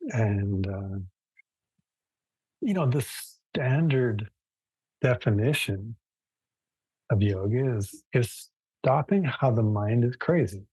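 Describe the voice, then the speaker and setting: A man with a husky, slightly breathy voice gives a casual live yoga lesson, thinking aloud as he goes. He speaks slowly, pausing and restarting his sentences. The sound is dry and close. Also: mid-range voice, expressive, warm tone, no echo, poor audio. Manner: casual, thoughtful, many restarts and fillers. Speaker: yoga teacher. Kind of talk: relaxed live class lecture.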